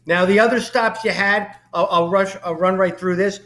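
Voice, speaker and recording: High-voiced enthusiastic man interviewing. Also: steady tone, moderate pace, a bit bright. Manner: enthusiastic, reads off career stats. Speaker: show host. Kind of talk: interview podcast.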